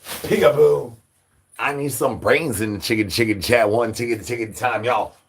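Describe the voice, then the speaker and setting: A man hosting a live stream, talking to chat in rapid rhyming nonsense banter. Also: fairly low pitch, fairly bright tone, slightly rough. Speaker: livestream host.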